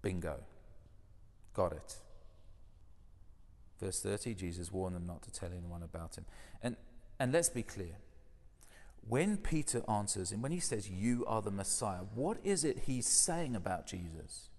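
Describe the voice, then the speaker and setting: A man delivers a sermon with a low, gravelly voice, talking through it conversationally and leaning on rhetorical questions. His words ring out in a reverberant hall. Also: very animated, unhurried, pauses often, darkish tone. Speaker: preacher.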